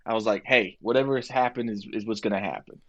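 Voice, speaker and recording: A young man co-hosting a podcast, who laughs often and retells events with excitement. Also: lowish voice, quick pace, dull audio. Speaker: podcast co-host. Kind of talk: casual chat. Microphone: podcast microphone.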